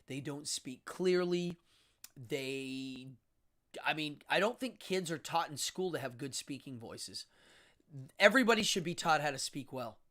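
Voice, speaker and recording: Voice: medium pitch, a bit bright. A host in their fifties talking alone on a live stream, in a teacherly way, enunciating carefully and stretching words for emphasis. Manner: demonstrative, teacherly, acts out sounds. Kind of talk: casual solo live-stream monologue.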